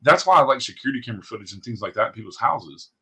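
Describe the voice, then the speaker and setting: A man's voice: medium pitch, expressive, racing, sharp tone, breathy edge. A man hosting a podcast in casual chat, talking bluntly and profanely in a ranting way. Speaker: podcast host.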